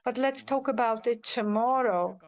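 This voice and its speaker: A woman's voice: a little high, normal speed, dull audio. A woman speaking as a symposium panelist, giving impassioned, firm remarks with frequent hesitations and repeated words.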